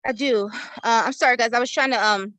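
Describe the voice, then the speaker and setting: A woman's voice: fairly high pitch, fairly even intonation, a little fast, a bit bright, no room sound, poor audio. A woman on a video call giving a heartfelt, tearful testimony of gratitude, effusive and emotional. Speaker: participant in an online class. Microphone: laptop or phone on a video call.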